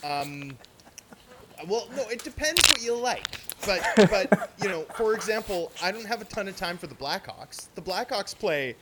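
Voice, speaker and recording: A man's voice: high-pitched, big pitch swings, moderate pace, heavy background noise. A man co-hosting a sports podcast, giving casual analysis with dry, wry asides. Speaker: podcast co-host.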